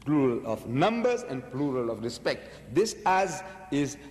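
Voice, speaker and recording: A man's voice: mid-range voice, sing-song, a little slow, a little mellow, big-room sound. A man giving a religious lecture, arguing emphatically with rhetorical questions. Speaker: preacher.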